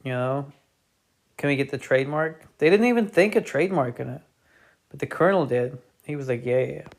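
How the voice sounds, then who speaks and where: British man, streamer, comedic rambling, offhand asides, middle pitch. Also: lively intonation, a little fast. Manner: meandering, chatty, offhand asides.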